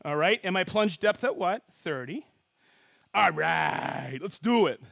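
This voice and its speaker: A man giving a live woodworking tool demonstration, excitable and folksy, often checking in with "okay?" and calling out greetings to viewers. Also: high voice, a little slow, vocal fry, no echo, clean studio sound.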